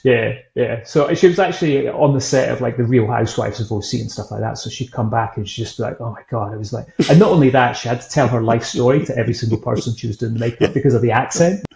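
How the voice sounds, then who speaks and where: Gravelly Scottish man telling stories. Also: medium pitch, fast talker, hardly any pauses, a little mellow. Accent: Edinburgh Scottish. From Scotland. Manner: chatty storyteller, laughs often. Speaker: guest, whisky author. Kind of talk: casual interview chat. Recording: echoey room, dull lo-fi sound.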